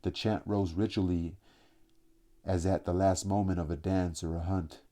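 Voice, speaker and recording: Male audiobook reader, low pitch, very dark mellow tone, steady and measured delivery. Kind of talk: audiobook narration.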